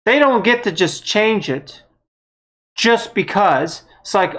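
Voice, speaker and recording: A woman's voice: medium pitch, expressive, slow. A woman giving a blunt, heated political opinion monologue, with some mild swearing. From United States. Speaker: vlogger.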